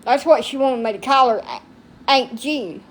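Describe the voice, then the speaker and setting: A brash, crude-mouthed middle-aged woman with a high voice, chatting loosely on a live stream. She rambles from one thing to the next, quick to curse. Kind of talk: casual live-stream chat.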